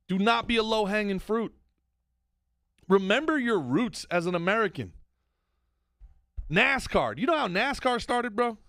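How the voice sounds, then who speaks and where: Animated man ranting on a podcast. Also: high-pitched, normal speed, long pauses, no room sound, studio quality. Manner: animated, swings between loud outbursts and mumbling asides. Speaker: podcast co-host. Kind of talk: casual comedic podcast rant.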